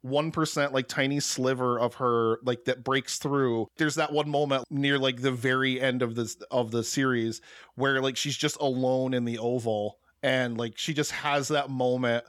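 A man in casual chat, relaxed and enthusiastic, with lots of filler words. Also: medium pitch, moderate pace, no room sound, clean studio sound.

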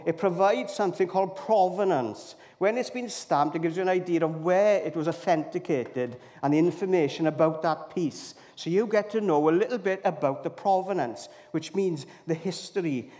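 A man's voice: fairly high pitch, normal speed, few pauses, dark tone, in a large hall. A man giving a conversational sermon to a church congregation, often turning to them with questions. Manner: chatty, keeps asking the congregation questions. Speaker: preacher. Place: church, also streamed to viewers at home.

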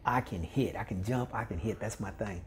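A fairly low-pitched man speaking at normal speed, this older Kentuckian is a volleyball coach guesting on a podcast. In relaxed conversation he tells an animated story, voicing the people in it and often breaking into laughter.

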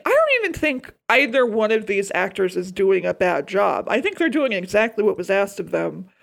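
A woman's voice: medium pitch, creaky. A woman co-hosting a casual movie-review chat, talking bluntly with plenty of swearing. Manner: blunt, profane, animated. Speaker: podcast co-host.

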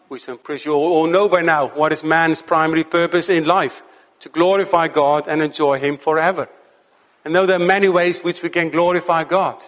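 A man preaching a sermon to his congregation in an earnest, measured way, slowing down to stress key points. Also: fairly high pitch, long reverb tail. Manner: earnest, measured preaching with slow emphatic stretches.

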